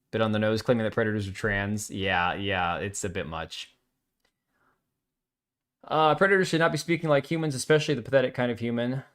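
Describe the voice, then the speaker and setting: A man's voice: lowish voice, fairly bright tone. Blunt, sarcastic man hosting a livestream. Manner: blunt, sarcastic, reads viewer comments aloud. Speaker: livestream host. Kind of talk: casual live commentary.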